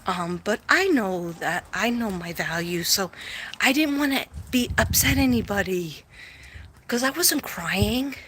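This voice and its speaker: A woman's voice: medium pitch, expressive, measured pace, background noise. A woman hosting a casual livestream from home at night, rambling and self-deprecating, laughing often and sometimes dropping to a whisper. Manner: drops to a whisper at times. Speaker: live-stream host.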